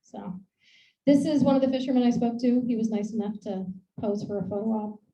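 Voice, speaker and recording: A woman's voice: a little high, fairly quick, mellow, a little hiss or hum. A woman from Maine giving a casual, rambling talk about her research to an audience. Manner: chatty, rambling, laughs at herself. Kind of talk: casual presentation with slides. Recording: echoey room, dull lo-fi sound.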